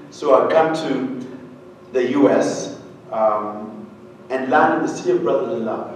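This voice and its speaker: A man from Uganda telling a humorous, animated story to an audience, often asking them questions. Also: medium pitch, moderate pace, a little hiss or hum. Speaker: speaker. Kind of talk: storytelling keynote talk. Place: large hall with an audience. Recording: very echoey hall, heard from a distance.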